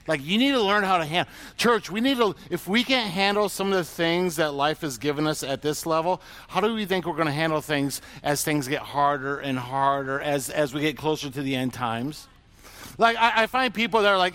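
A man's voice: sits high, moderate pace, fairly bright tone. A man preaching a sermon in a casual, conversational way, acting out people's complaints and God's replies. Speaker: pastor.

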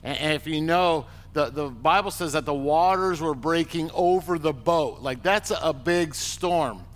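A man's voice: a little high, measured pace, long reverb tail. A male pastor giving a conversational sermon, often repeating words and calling for the congregation to answer. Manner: conversational, repeats words, asks the crowd to respond.

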